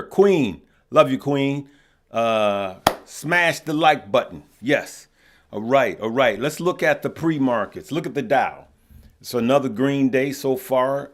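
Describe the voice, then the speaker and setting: A man from Chicago hosting a casual stock market livestream, chatty and repetitive, greeting viewers as he talks. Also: medium pitch. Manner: chatty, repeats himself, greets viewers mid-thought.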